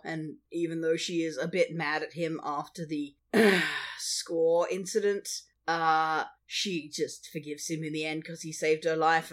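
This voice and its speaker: A podcast co-host in a casual movie review chat, blunt and sweary, laughing often. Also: medium pitch.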